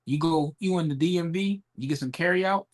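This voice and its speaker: A podcast co-host from the DC metro area, with a DMV accent, chats casually in a blunt, profane way, often mimicking the people in his stories. His voice is a little high and fairly quick.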